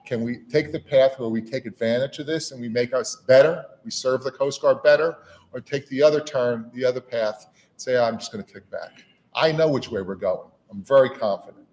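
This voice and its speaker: A middle-aged man speaks to a gathered audience in a relaxed, conversational way. His delivery is folksy, with repeated words and a steady stream of "you know"s. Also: mid-range voice, brisk. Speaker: national auxiliary leader giving a speech. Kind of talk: informal speech to a gathering. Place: meeting room with an audience.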